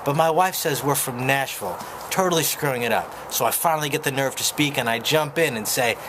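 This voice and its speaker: A man from New Jersey tells a personal story with a wry, self-mocking touch. His voice sits at an ordinary middle pitch for a man. It was caught on a small handheld camera, with loud vehicle noise running behind him. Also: brisk.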